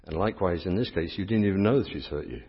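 A deep-voiced, slightly rough middle-aged priest from England speaks rapid-fire through an interactive church sermon. Playful and teasing, he ribs his volunteers and chats with the congregation, all captured in dull lo-fi sound with a long church reverb.

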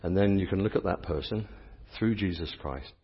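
Husky English priest in a reverberant church. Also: male voice, deep voice, moderate pace. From England. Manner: playful, teasing, chatty with the congregation. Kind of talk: interactive sermon with volunteers. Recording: dull lo-fi sound with long church reverb.

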